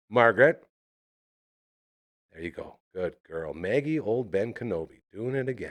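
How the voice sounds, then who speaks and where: A man hosting a live podcast in a chatty, animated way, talking to his dog between segments. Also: on the low side, normal speed. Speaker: host.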